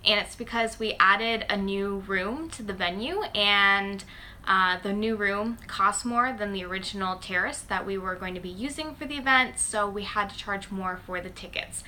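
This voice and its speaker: A woman with a medium-pitched, bright, forceful voice speaks at a normal speed over a little hiss or hum. The host and founder of a blogger network, she runs a casual phone livestream for followers, chatty and upbeat with frequent "um"s and a slight lisp from dental aligners.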